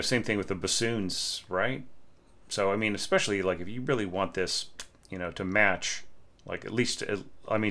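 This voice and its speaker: Man, lowish voice, orchestration teacher, casual spoken critique, chatty, lots of fillers, hums melody lines. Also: a bit bright. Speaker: orchestration teacher reviewing a student score.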